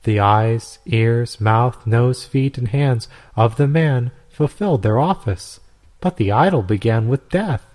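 A man reading aloud, voicing a calm, authoritative young woman saint who argues firmly and rhetorically. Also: mid-range voice, slow pace. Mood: firm conviction. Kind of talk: storybook reading.

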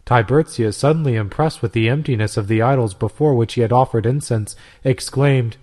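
A man narrating an old devotional story in a measured, solemn reading. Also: mid-range voice, a little mellow. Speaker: audiobook reader. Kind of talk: scripted narration.

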